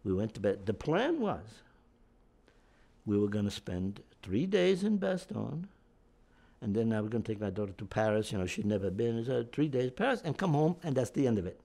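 A man's voice: on the low side, very animated, normal speed, gravelly, mellow. A man in his nineties, a war veteran, telling a long story in an interview with many restarts and repeated words. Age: 90s.

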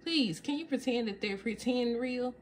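A woman's voice: a little high, normal speed, noisy background, voice pushed up, close to an everyday voice. A woman reading aloud and voicing a whiny little boy sausage dog from a storybook.

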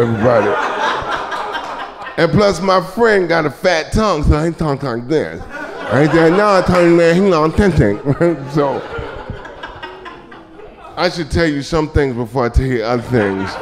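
A man doing live stand-up comedy, telling loose, profane stories and shouting his punchlines. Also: mid-range voice, measured pace, long pauses. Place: comedy club stage. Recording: live club recording with crowd laughter. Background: audience laughter.

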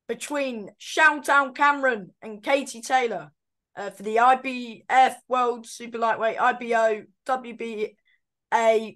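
A woman's voice: a little high, a bit bright. A woman co-hosting a casual boxing predictions chat, talking in a hesitant way with frequent fillers and self-corrections. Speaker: boxing pundit co-host.

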